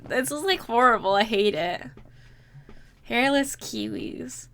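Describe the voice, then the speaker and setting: A woman streamer talks casually to her viewers, answering their messages as they come in. Her voice sits a little high and has a bright, sharp edge. She reacts loudly, with exclamations and laughter. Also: animated, measured pace, long pauses. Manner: reads viewer messages aloud and answers them. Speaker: livestreamer. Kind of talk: casual livestream chat.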